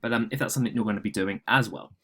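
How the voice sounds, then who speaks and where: A man's voice: fairly low pitch, rapid-fire, fairly bright tone, breathy edge. A man from the UK casually talking through an app on his screen as a channel host, rambling with frequent fillers and asides. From United Kingdom. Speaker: online seller and channel host. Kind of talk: casual screen-recording walkthrough.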